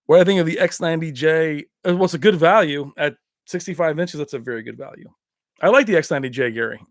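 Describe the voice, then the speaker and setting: A man's voice: on the high side, fast, dry recording, clean studio sound. A man hosting a casual home livestream about TVs, rambling loosely after a few drinks and laughing often. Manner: laughs often, slips into movie impressions. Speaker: tech livestream host. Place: his own home.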